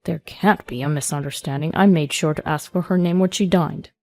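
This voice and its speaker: A woman's voice: low-pitched, brisk, a little mellow. A woman reading the lines of an older male steakhouse owner who blusters and threatens in a storybook tale. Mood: indignant. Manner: blustering, menacing.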